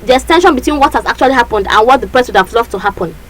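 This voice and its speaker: A woman teaching a literature lesson, lively and repetitive, often checking that her students understand. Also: fairly high pitch, racing, poor audio.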